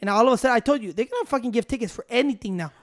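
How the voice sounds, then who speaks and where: A man's voice: very high voice, racing. A man in casual podcast chat, arguing and swearing, calling his friend "bro". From Chicago area. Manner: profane, argumentative, calls his friend "bro".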